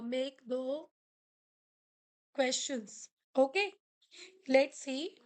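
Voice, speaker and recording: Woman, Indian accent, high-pitched, slow classroom explaining, language teacher. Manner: slow, explanatory, switching between English, French and Hindi. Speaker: French teacher. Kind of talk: classroom lesson.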